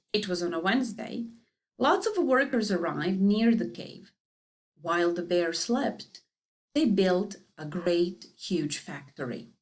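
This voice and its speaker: A woman teacher reading a story aloud to a class. She paces it slowly and clearly. Her pitch moves widely and expressively. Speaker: English teacher. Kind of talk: storytelling for a lesson.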